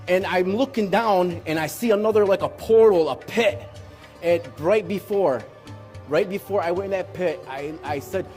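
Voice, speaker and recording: A man in his forties giving an emotional personal testimony in a church, earnest and intense, his voice rising high in urgent moments. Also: normal speed, darkish tone, soft background music. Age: 40s.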